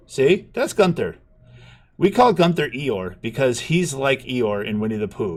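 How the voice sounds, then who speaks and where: A man's voice: mid-range voice, animated, moderate pace. A man hosting a casual live podcast, playful and teasing, reading out comments from the chat. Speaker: podcast host.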